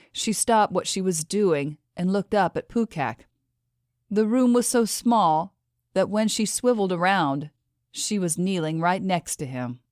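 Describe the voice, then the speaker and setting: A woman narrates an audiobook in a low, unhurried voice with a steady, even read. The recording is close and dry. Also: no room sound. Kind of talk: scripted narration.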